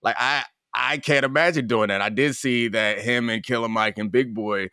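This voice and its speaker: A man's voice: mid-range voice, fairly even intonation, normal speed, pushed and bright, dry recording. A man co-hosting a sports talk podcast, joking with dry, teasing humor in casual chat. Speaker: podcast co-host.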